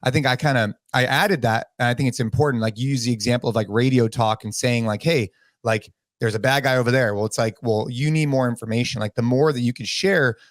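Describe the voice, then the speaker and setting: A man's voice: medium pitch, no room sound, clean studio sound. A man hosting a podcast, chatting casually and summing up what his guest has said. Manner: reflective, sums up the guest's points. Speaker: podcast host. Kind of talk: casual conversation.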